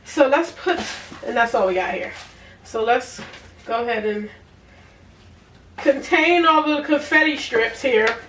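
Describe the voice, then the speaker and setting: A woman's voice: on the high side, unhurried, long pauses, fairly bright tone. A young adult woman, casually reviewing products on camera and chatting to her viewers. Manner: chatty, talks to viewers as y'all, easy laughs. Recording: echoey room, a bit far from the mic, faint noise.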